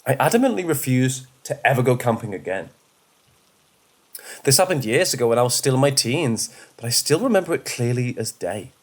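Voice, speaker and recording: A man reading first-person horror stories aloud in a steady, measured way. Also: medium pitch. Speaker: horror story narrator. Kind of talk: scripted first-person narration.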